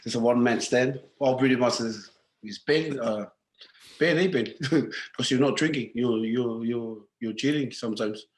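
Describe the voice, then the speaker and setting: A man's voice: mid-range voice, normal speed, poor audio. A man, a rugby player, chatting as a podcast guest in a laid-back way with easy chuckles. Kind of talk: casual podcast chat.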